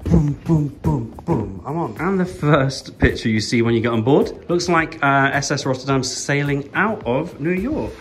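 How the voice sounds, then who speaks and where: A man's voice: medium pitch, animated, moderate pace, hardly any pauses, a little hiss or hum. A man hosting a casual travel vlog, chatty and enthusiastic, often dropping to a whisper. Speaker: travel vlogger. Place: walking outdoors and aboard a moored ship.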